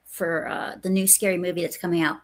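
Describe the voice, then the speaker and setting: A woman's voice: lowish voice, little pitch movement, fairly quick. A woman hosting a casual podcast chat, rambling and often restarting her sentences. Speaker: podcast host. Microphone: remote podcast call.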